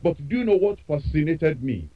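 A man's voice: fairly high pitch, big pitch swings, a little fast, highs cut off. A man preaching a sermon, emphatic and repeating phrases for effect.

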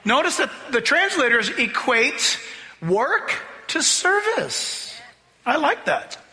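A pastor preaches in a church sanctuary with a high, sharply bright voice, very animated, his pitch swinging widely as he works the congregation. He emphatically drags out scripture readings, slowing down for emphasis, and mimics voices to illustrate, while a long hall reverb hangs on each phrase.

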